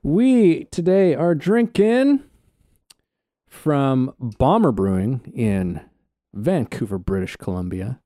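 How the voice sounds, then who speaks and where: Easygoing podcast co-host, warm voice. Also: male voice, mid-range voice, very animated, slow pace, dry recording, studio quality. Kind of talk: casual podcast chat.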